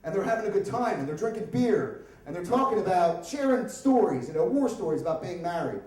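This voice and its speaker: A man raised around Upper Darby tells a comic story to a live room, loose and conversational with plenty of swearing. His voice sits high for a man. The sound is distant and washed in heavy room echo. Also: a little fast. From Upper Darby, Pennsylvania area. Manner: animated, comic, profane, conversational. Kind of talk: live story slam telling. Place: stage at a live storytelling event. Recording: echoey room, voice from far off.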